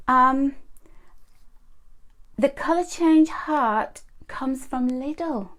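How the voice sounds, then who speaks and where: A woman's voice: high voice, drawn-out words, a bit bright. A woman, reading oracle cards on a live stream and chatting as she greets viewers by name. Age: 50s. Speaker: card reader.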